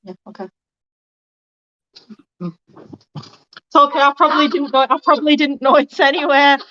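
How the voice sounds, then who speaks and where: A woman player talks in a loose ramble and keeps repeating herself. Her voice is slightly high, and the recording sounds dull and dry. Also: a little slow, pushed and bright, no echo. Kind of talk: casual tabletop play.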